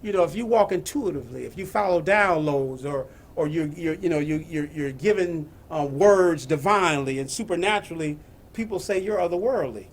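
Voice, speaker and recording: A man giving a spiritual message, slow and emphatic, repeating his phrases. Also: fairly high pitch. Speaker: spiritual teacher.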